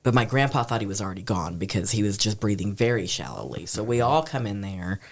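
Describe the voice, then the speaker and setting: A man co-hosting a casual podcast, speaking in an earnest, reflective way with pauses and hesitations. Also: lowish voice, animated. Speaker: podcast co-host. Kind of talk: casual chat.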